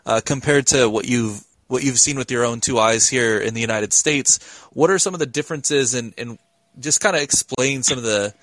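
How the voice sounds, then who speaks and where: A man's voice: medium pitch, fairly bright tone, no room sound. A man hosting a podcast, asking long, searching questions in a casual interview. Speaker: podcast host.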